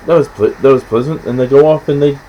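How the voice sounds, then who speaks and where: A man in casual film chat, rambling and halting, often stopping to restart, acting out scenes in quick quoted voices. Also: mid-range voice, dark tone, muffled recording, a little hiss or hum. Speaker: podcast host.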